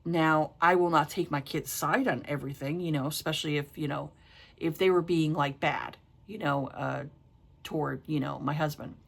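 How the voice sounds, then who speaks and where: A woman's voice: deep voice, steady tone, moderate pace, gravelly. Frank, exasperated woman ranting about a book. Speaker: book reviewer. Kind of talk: casual book review chat.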